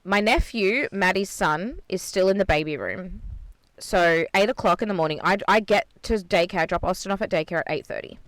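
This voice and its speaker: A woman's voice: mid-range voice, moderate pace, fairly bright tone, no room sound. A woman podcast co-host telling a story in casual chat, swearing freely and retelling things with energy, recorded inside a parked car.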